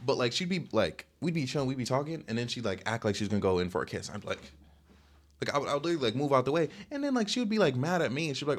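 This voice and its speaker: Rattling through his personal dating stories at a fast pace, a young male podcast host rambles casually and with lots of energy. He leans heavily on fillers, and his voice sits at a medium pitch.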